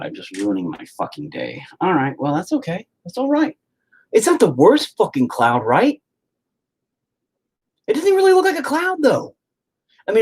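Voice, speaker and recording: Husky, foul-mouthed man painting. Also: medium pitch. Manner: profane, self-deprecating rambling. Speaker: painting vlogger. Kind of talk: casual commentary while painting.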